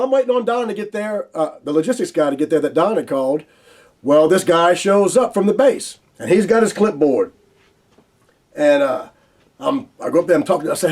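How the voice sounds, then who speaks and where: A man with a Southern US accent telling a long personal story as host, animated and laughing often as he acts out the dialogue. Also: high-pitched. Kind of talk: casual spoken storytelling.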